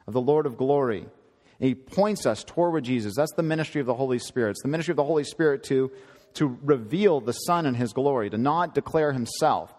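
A man's voice: mid-range voice, a little mellow, in a large hall. A man preaching a sermon in an earnest, emphatic teaching manner, often repeating and correcting himself.

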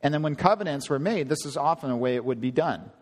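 A man preaching a conversational sermon, often climbing higher in pitch for emphasis. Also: quick pace. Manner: conversational, animated, rising to high emphasis. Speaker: pastor. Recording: long hall reverb.

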